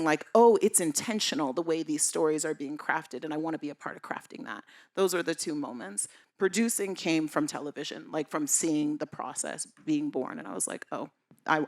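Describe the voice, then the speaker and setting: A woman's voice: lowish voice, fairly bright tone. A woman producer on a panel, telling candid stories and acting out her younger self with casual swearing.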